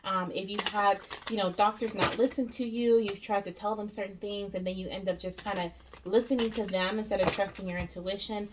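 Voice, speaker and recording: A woman giving a casual tarot reading to camera, chatty and reassuring, filling pauses with um and okay. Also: medium pitch, fairly even intonation, noisy background. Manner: chatty, reassuring, many ums and okays. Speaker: tarot reader. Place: indoors by a window in natural light.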